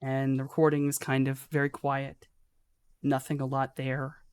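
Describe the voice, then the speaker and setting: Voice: medium pitch, completely flat delivery, moderate pace, clear, resonant tone, dry recording. A game master narrating a tabletop horror game in a casual, descriptive way.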